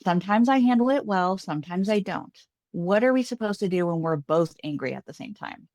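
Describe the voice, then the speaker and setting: A woman's voice: mid-range voice, lively intonation, fairly quick, a little mellow, no room sound, studio quality. A woman, a parent, asking a candid question about handling anger with her child.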